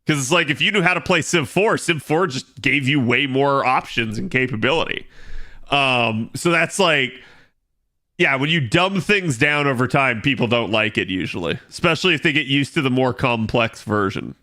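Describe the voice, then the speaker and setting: A man's voice: mid-range voice, lively intonation, moderate pace, pushed and bright. A man casually chatting with his stream viewers, thinking aloud with lots of filler words. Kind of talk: casual live-stream chat.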